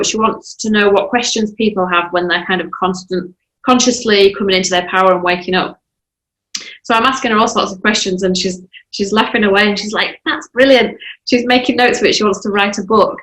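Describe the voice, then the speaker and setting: A woman's voice: mid-range voice, fairly bright tone. English lady guest on a call, chatty, sounds like a roomy echoey space. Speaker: self-love coach, guest. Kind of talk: casual conversational chat.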